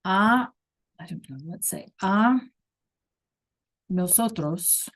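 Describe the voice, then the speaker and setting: Woman teacher, unhurried, talks through grammar examples with lots of ums over a computer mic. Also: medium pitch, lively intonation, fairly bright tone. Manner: slow, searching for examples with many fillers. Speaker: Spanish teacher. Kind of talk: online class lesson.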